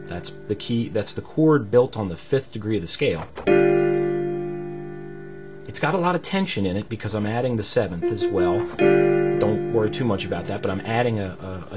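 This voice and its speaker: A man's voice: lowish voice, highs cut off. A man teaching a recorded music lesson, explaining patiently with many fillers between demonstrations.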